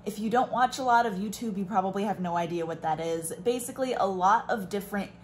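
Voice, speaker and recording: A woman's voice: mid-range voice, fast, slight background noise. A young woman talking casually to her camera at home, rambling with lots of fillers. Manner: chatty, rambling, many fillers. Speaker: vlogger. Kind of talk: casual vlog chat. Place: home, on the stairs.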